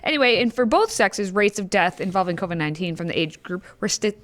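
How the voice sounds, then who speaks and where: A woman's voice: medium pitch, animated, fast. A woman co-hosting a political talk show, reading news with sarcastic asides and playful sound effects. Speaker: co-host.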